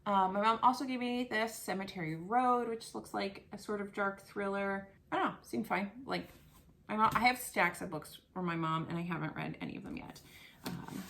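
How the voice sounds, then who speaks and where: A woman rambles cheerfully through a book haul at home, poking fun at herself as she goes. Her voice sits at a middle pitch and keeps slipping into a gravelly fry. A faint hum of noise runs underneath. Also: a bit bright. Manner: chatty, rambling, self-deprecating. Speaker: book vlogger. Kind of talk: casual book haul chat. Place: home, at a table of books.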